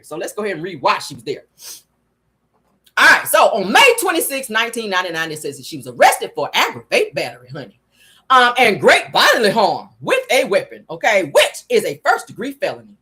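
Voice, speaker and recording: A woman's voice: on the high side, big pitch swings, brisk, fairly bright tone. A woman vlogger giving sassy, blunt gossip commentary from her car, laughing often and swearing freely. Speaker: vlogger and show host.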